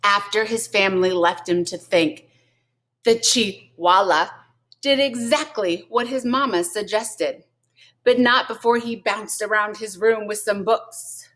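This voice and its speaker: A woman teacher reading a children's picture book aloud, expressive and playful, with asides to young listeners. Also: medium pitch, a little slow.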